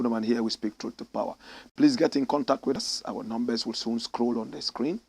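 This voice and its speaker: A Ghanaian man hosting a live-streamed talk show, reading out viewer messages in a slightly croaky voice and breaking into loud exclamations. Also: medium pitch, moderate pace. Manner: animated, bursts into loud exclamations. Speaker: show host. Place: studio in Accra.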